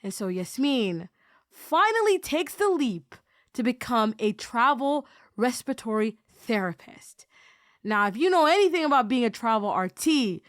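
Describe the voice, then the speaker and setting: A woman host giving scripted, measured narration of a story. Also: fairly high pitch, no room sound, studio quality.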